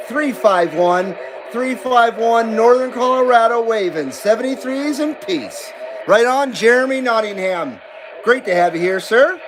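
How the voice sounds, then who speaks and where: A man from the western United States hosts a CB radio livestream, reading chat messages aloud while rambling, poking fun at himself and laughing often. His voice is extremely high, and there is background noise.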